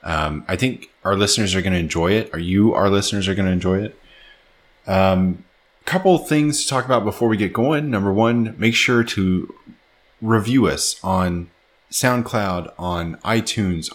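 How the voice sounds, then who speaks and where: Deep voiced guy cohosting a podcast, chatty and upbeat, laughs a lot. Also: moderate pace. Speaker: podcast co-host. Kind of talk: casual podcast chat.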